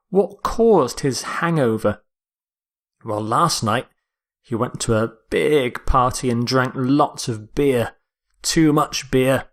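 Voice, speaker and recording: A man teaching English vocabulary in a lecture, explaining words slowly and deliberately and sometimes correcting himself mid-sentence. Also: medium pitch. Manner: slow, deliberate, with self-corrections.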